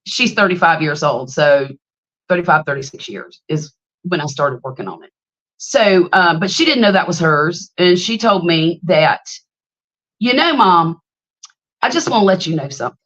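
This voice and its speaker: Lady in her 50s chatting on a livestream, lowish voice, kinda dull lo-fi audio. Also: lively intonation, measured pace, fairly bright tone. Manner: chatty and storytelling, greets viewers by name, laughs often. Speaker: livestream host. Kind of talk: casual livestream chat.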